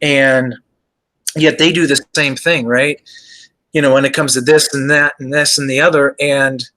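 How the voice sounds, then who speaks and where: A man's voice: medium pitch, steady tone, moderate pace, bright, forceful tone, poor audio. A man hosting a show, earnestly explaining his religious views in casual conversation, with frequent "you know" fillers. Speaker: show host. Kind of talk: casual faith discussion.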